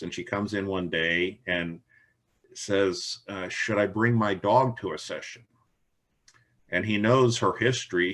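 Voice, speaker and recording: A middle-aged man, a Jungian analyst being interviewed, speaking in a slow, reflective way and recounting case stories. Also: low voice, fairly bright tone. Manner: slow, reflective, storytelling with quoted dialogue. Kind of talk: thoughtful interview conversation.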